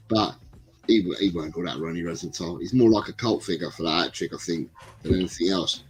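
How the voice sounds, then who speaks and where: An English man hosts a casual football livestream, reading chat comments aloud and rambling in between. His voice sits low and he speaks briskly. Soft music plays behind him, and the recording quality is low.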